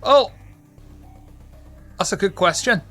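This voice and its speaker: A man's voice: on the high side, sing-song, normal speed, pushed and bright, faint music behind. A man with a Scottish accent running a tabletop game as storyteller, trading jokes and casual swearing with his players. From Scotland. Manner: joking banter, swears freely.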